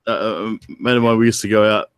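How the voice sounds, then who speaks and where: A man chatting casually as a paranormal co-host, enthusiastic and quick to laugh. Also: lowish voice, steady tone, clear, resonant tone, no echo. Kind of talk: casual chat.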